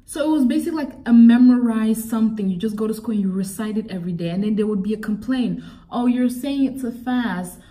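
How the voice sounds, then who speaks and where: A young woman vlogger telling a story about a past job in a casual, animated and exasperated way, often acting out quotes. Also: a little high, fast, hardly any pauses, far from the mic. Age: young adult.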